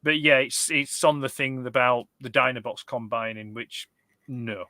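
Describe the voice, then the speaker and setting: A man's voice: mid-range voice, normal speed, pushed and bright, no room sound. A man co-hosting a casual chat about toys, rambling with many restarts. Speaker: co-host of a toy collector chat.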